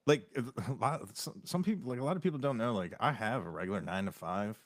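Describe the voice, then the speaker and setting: A man's voice: on the low side, animated, fast, no room sound, studio quality. A man hosting a podcast in casual chat, chatty and full of fillers. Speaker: podcast host.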